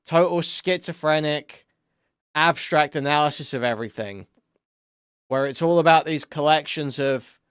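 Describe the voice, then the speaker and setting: A man's voice: fairly high pitch, moderate pace, fairly bright tone, clean tone, no echo, studio quality. A young man streaming commentary, ranting crudely and rambling with plenty of swearing.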